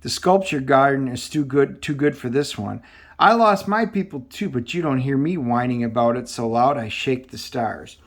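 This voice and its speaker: A man's voice: medium pitch, moderate pace, lightly acted. A man reading the lines of a proud, fierce female superhero warrior princess from a comic, sounding boastful and commanding.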